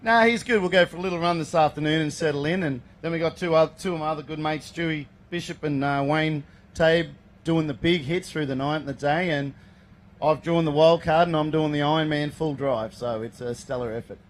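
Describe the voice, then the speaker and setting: An Australian man from Queensland talks about his race car in a friendly, chatty way. His voice sits a little high for a man, and he keeps calling the interviewer mate. The interview is recorded outdoors at a race event. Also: fairly even intonation, brisk. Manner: upbeat and chatty, calls people mate. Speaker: off-road race driver.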